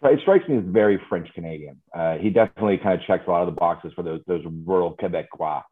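Low-voiced guy, talks fast and deadpan, sounds like he's on a phone line. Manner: deadpan one-liners. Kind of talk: casual chat.

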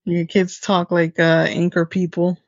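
A co-host on a podcast, chatting casually and reacting in a low-key way. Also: completely flat delivery, measured pace, dry recording. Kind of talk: casual chat. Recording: dull lo-fi sound.

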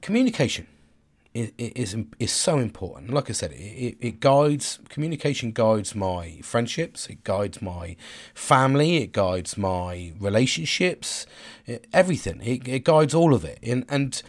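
A man's voice: mid-range voice, very animated, moderate pace. Candid rambling man in his thirties. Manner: open, rambling, swears freely, many restarts. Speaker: vlogger. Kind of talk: casual personal monologue.

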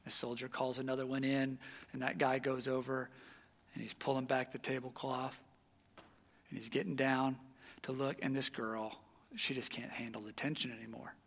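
A man preaching a sermon, telling a story with animated energy and dropping to a hush at the tense moments. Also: mid-range voice, moderate pace, creaky.

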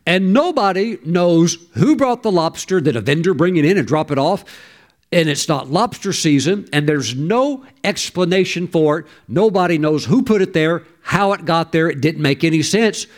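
A man preaching a sermon in a slightly higher-than-usual voice. He tells a story and breaks into exclamations, calling on the congregation for amens. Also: lively intonation, moderate pace. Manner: storytelling, exclamatory, calls for amen.

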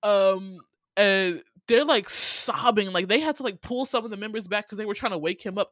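A woman's voice: medium pitch, normal speed, a bit bright, no room sound, studio quality. Woman in casual, profane chat. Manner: loose, profane storytelling with frequent slang.

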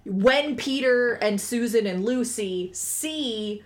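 A woman's voice: fairly high pitch, takes it slowly. A woman co-hosting a podcast in casual chat, wry and dry, explaining books with literary references. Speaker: podcast co-host.

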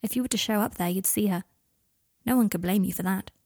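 A woman's voice: mid-range voice, fast, no room sound, studio quality, natural voice. Woman reading a remorseful, pleading young man. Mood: earnest, subdued. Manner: pleading, hushed, earnest.

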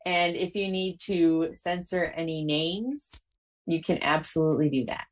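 A woman hosting a casual interview, asking unhurried questions full of "like". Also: sits low. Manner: unhurried, filler-heavy questions with "like". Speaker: podcast host.

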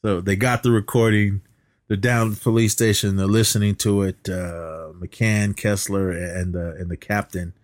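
Low-voiced man recapping a film casually. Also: steady tone, normal speed, no echo. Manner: rambling retelling, quoting characters in passing. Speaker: podcast co-host.

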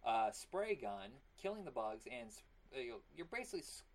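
A man's voice: medium pitch, very animated, moderate pace, a little hiss or hum. Rambling, jokey male podcast co-host. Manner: rambling and jokey, prone to silly voices. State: strained, partly lost voice. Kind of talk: casual chat.

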